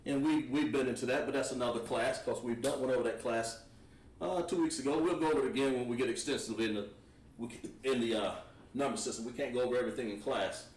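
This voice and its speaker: A man's voice: mid-range voice, distant mic. Patient male teacher in echoey room. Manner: patient, encouraging, repeats words slowly. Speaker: Hebrew language teacher. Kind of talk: classroom lesson at a board.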